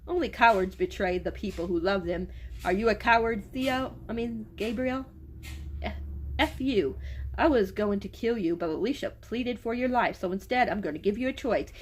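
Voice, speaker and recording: A woman reading aloud and voicing a cool, calm, controlled male gunman who speaks without emotion. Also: high-pitched, normal speed, a little hiss or hum, lightly acted. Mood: cold.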